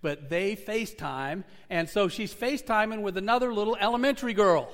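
Male pastor, high voice, earnest storyteller rising and falling in volume, church sanctuary with long reverb. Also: a little fast, a bit bright. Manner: earnest storytelling preaching, swelling and dropping in volume. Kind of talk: sermon.

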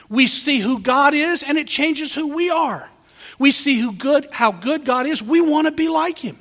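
A man preaching a sermon as pastor, earnest and emphatic with dramatic pauses. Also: very high-pitched, a bit bright. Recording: reverberant hall.

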